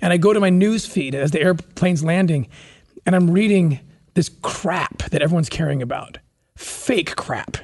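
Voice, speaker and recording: A husky, fairly high-voiced man speaks as a podcast guest. He retells history with earnest passion, often stumbling and restarting his sentences as he builds his point. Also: moderate pace, darkish tone. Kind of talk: conversational interview storytelling.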